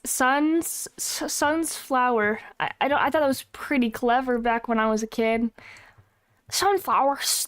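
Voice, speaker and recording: High-voiced playful woman streamer. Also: fairly bright tone, no room sound. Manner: playful, teasing, self-mocking. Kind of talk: casual livestream chat.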